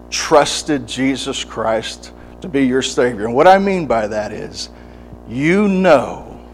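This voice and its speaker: A man preaching a sermon, often restarting his words, moving from quiet reflection to fervent, pleading prayer. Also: medium pitch, a little hiss or hum. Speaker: pastor. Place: church service.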